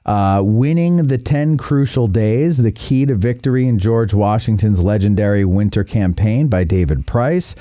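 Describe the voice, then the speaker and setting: Animated man hosting a podcast. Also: lowish voice, normal speed, hardly any pauses, no room sound, clean studio sound. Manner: animated storyteller who acts out the voices. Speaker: podcast host. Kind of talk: casual chat.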